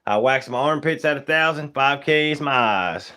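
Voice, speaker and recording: A man's voice: medium pitch, expressive, normal speed, bright, forceful tone, clean tone. A young man, a taxidermist, chatting casually on a live stream, greeting viewers by name and joking as he works. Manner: laid-back, greets viewers by name, Southern-style casual grammar.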